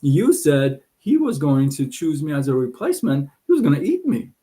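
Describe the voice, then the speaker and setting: A man doing a whiny, easily fooled donkey, squealing his complaints way up high. The voice jumps well above the storyteller's own and wobbles about. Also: huge pitch swings, normal speed, mellow. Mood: upset.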